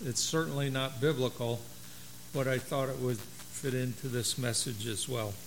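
A man preaching a sermon and reading a story aloud in a measured, storytelling way. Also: medium pitch, steady tone, slight background noise, low-quality recording. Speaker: pastor.

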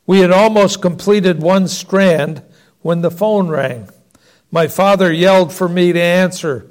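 A man's voice: high-pitched, measured pace. A man reading a Christmas-style family story aloud as narrator.

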